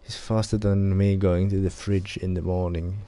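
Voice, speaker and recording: A man's voice: sits low, little pitch movement, moderate pace. A man, streaming a racing game with wry, self-mocking commentary and free swearing. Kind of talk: casual gameplay livestream commentary. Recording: loud racing game engine noise behind voice. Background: racing car game sounds.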